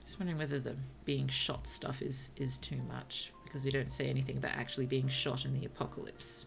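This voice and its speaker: Low, gravelly Australian woman streamer. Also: level tone, fairly quick, soft background music. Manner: musing, chatty, laughs often. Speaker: streamer and writer. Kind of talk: casual livestream chat.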